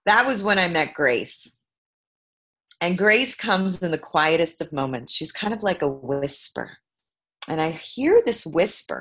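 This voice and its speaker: Expressive, low-voiced woman telling a story. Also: a little slow. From Brooklyn, New York. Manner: expressive, swings between loud emphasis and hushed asides. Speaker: guest, author. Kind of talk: animated personal storytelling.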